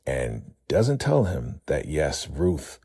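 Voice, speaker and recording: A man's voice: a bass voice, very animated, slow pace, warm tone, husky, no echo, studio quality. A man hosting a casual vlog recap of a TV episode, chatty and calling his viewers fam.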